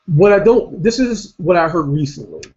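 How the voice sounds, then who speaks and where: A man's voice: high-pitched, lively intonation, moderate pace, a little mellow, slight background noise. A man hosting a casual vlog, ranting bluntly and rambling with lots of swearing, a bit tired. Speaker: host. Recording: dull lo-fi recording.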